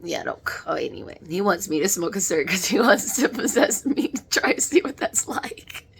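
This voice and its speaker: A woman speaking in a halting, emotional monologue as she channels spirits, moving between soft murmurs and sudden exclamations. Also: fairly low pitch, sing-song, creaky, a little hiss or hum.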